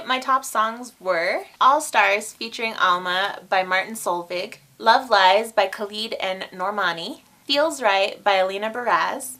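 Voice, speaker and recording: A woman of about thirty chatting casually to camera as a vlogger, bubbly, with quick asides. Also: mid-range voice, sharp tone.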